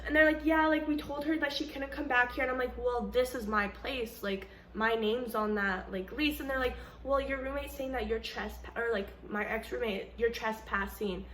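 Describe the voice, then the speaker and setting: A young woman with a high, bright voice tells a story casually, animated and full of slang, voicing the people in it herself. She sounds like she is in an echoey room, with faint ambience behind her. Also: moderate pace, hardly any pauses, a little hiss or hum. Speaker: vlogger.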